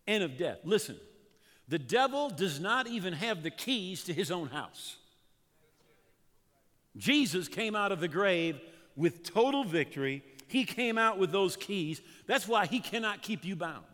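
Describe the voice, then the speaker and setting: A man preaching a sermon as pastor, fervent, with dramatic pauses and emphatic builds. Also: high-pitched, fairly bright tone, in a large hall.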